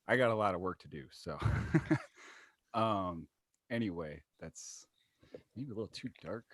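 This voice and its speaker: A man's voice: on the low side, expressive, normal speed. A young man from Saint Paul calling in over a video call, self-deprecating, mumbly and crude. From Saint Paul, Minnesota. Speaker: caller.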